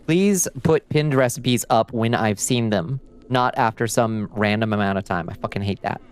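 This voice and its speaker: A man chatting casually and swearing often while livestreaming a game, reacting loudly and talking to his chat. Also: fairly low pitch, normal speed, smooth. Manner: profane, excitable, chatty with chat. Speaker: streamer.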